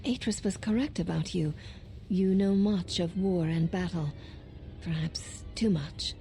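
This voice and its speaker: An actress voicing a stern, formal female warrior in a video game, speaking in measured, solemn lines. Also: on the low side, mellow. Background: game music.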